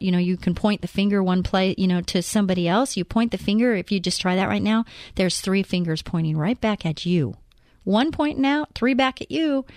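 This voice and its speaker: A woman's voice: mid-range voice, darkish tone, no echo, studio quality. A woman reading Bible passages and explaining them in an earnest, conversational way, often asking the listener questions. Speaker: Bible teacher. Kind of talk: devotional Bible reading and teaching.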